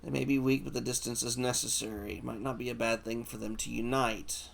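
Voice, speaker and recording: A man reading game dialogue aloud as a gentle, wistful female doll who tends flowers, with soft lilting rises. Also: mid-range voice, level tone, fairly quick, gravelly, slight background noise. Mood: reflective.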